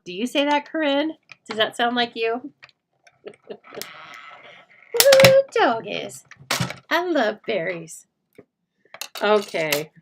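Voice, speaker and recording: A woman's voice: lowish voice, a little hiss or hum. A middle-aged woman hosting a crafting livestream, chatting casually and rambling to her viewers while she works. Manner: chatty, rambling, laughs often, talks to viewers by name.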